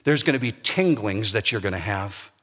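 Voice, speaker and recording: A man's voice: on the low side, animated, normal speed, a bit bright, breathy edge, voice pushed down. A man putting on the voice of a pushy preacher who questions whether listeners are truly saved, insistent and needling. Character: pushy male preacher doubting your salvation. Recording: long hall reverb.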